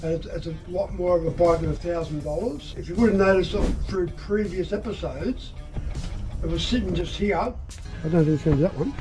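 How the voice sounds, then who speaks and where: A man's voice: high-pitched, brisk, over music, low-quality recording. An Australian man in a casual, matey vlog, talking straight to his viewers while working on a motorbike. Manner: chatty, matey, addresses viewers directly. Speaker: vlogger.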